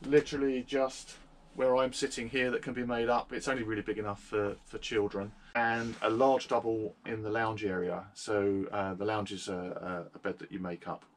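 A man's voice: on the low side, moderate pace, slight background noise. A man giving a casual, matter-of-fact tour of his motorhome from inside it, with a fair number of ums and uhs. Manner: steady, matter-of-fact, with hesitant fillers. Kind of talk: casual video walkthrough.

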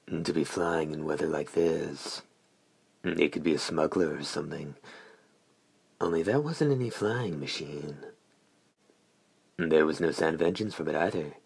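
A hoarse talking hand with a sardonic, knowing edge, as a man reads it aloud. It sounds very deep and husky and lays things out coolly, as in an audiobook. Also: full character voice. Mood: musing.

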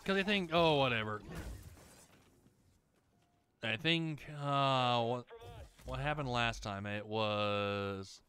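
A man ranting angrily and profanely over gameplay, mocking people in shrill voices. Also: slow, long pauses, bright, forceful tone. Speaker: let's play host. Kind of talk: angry rant over gameplay.

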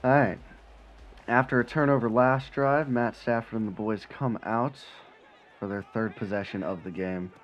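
A man giving live commentary on his own football video game, muttering one moment and shouting and swearing the next. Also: moderate pace, lo-fi sound. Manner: swings from low mutter to excited yelling, swears when frustrated. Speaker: gaming channel host.

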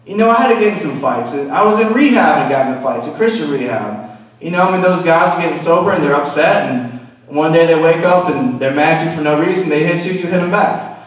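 A man with a slightly high voice preaches in a loose, confessional way, tossing in "you know" as he goes. His voice rings around a big, echoey church hall. It reaches the mic from well off. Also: animated, brisk, recorded from a distance. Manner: candid, confessional, frequent "you know" asides. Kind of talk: conversational sermon testimony. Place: church sanctuary.

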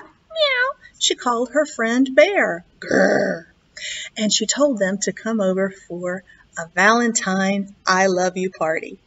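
A woman, a children's librarian, reading a story aloud at a virtual storytime in an expressive, slow, sing-song way. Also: a little high. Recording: dull lo-fi online video recording.

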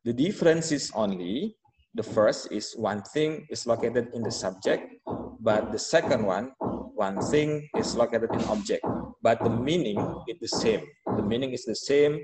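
A man teaching an English lesson, explaining slowly with frequent fillers and restarts. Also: mid-range voice, big-room sound, noisy background. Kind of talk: online classroom instruction.

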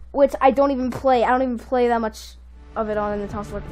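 A woman giving excitable live commentary while playing a video game, jumping between panicked outbursts and quiet muttering. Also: fairly high pitch, quick pace, soft background music. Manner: says "dude" and "frick" a lot. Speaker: gaming video creator.

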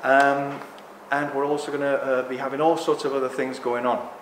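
A middle-aged man giving an impassioned talk to a live audience, excitable and ranting, acting out other people's voices as he goes. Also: mid-range voice, normal speed, slight background noise. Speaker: speaker at a talk. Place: indoor talk venue. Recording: echoey hall with faint ambience.

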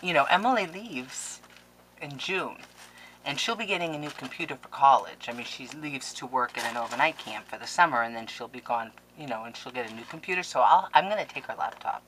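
A woman in her forties talks to her viewers in a low voice with a bright, forceful edge. Her pitch swings widely as she exclaims over the mail she opens. The talk is casual and effusive, recorded on a camera mic at home. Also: expressive, brisk, slight background noise, low-quality recording. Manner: effusive, emotional, exclaims often. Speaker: vlogger opening mail from viewers. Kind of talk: casual chat. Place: home craft room.

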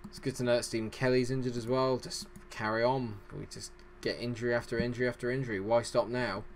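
A man's voice: medium pitch, little pitch movement, fast, slight background noise. Rambling man doing game commentary. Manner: rambling, self-deprecating chatter. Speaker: gaming channel host. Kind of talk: casual let's-play commentary.

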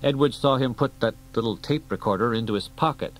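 A man reading an audiobook aloud in a steady storytelling delivery. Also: medium pitch, brisk, slight background noise, poor audio. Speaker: audiobook reader. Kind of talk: audiobook narration.

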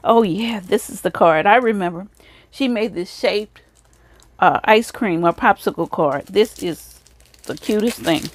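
A woman with a medium-pitched, gravelly voice hosts a casual craft video, showing off swap items. She gushes over them, repeating her praise again and again.

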